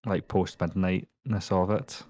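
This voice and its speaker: A man playing a tabletop game, teasing the game master in a deadpan way. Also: low voice, a little slow, no room sound. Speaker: player.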